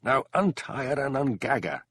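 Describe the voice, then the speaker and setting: A man's voice: medium pitch, big pitch swings, normal speed, fairly bright tone, a little hiss or hum, pitched above the performer's own voice. A man voicing a ruthless, hot-tempered Scottish husband who gives curt, bossy orders. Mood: commanding.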